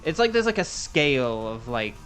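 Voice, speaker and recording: A man's voice: medium pitch, sing-song, normal speed, fairly bright tone, faint music behind. A young English man chatting casually with his stream chat while playing a game, rambling and humming to himself between moves. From England. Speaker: gaming streamer.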